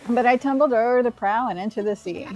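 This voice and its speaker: A blustery pirate seagull from a cozy life-sim game, all swagger and groan-worthy puns, as a woman reads his lines aloud. He rolls out hammy sea-dog talk and growled "arr"s at a mid-range pitch. Soft game music plays faintly behind. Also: fairly quick, lightly acted, rough recording. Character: blustery pirate-wannabe male seagull, pun-loving.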